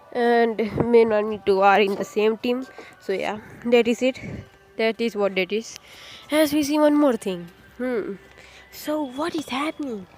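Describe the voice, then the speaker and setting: A woman recapping a fan story in a casual, rambling way, full of fillers, restarts and pauses to recall names. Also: medium pitch, darkish tone. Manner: rambling, leans heavily on "you can say" and fillers; hesitant, restarts and searches for names.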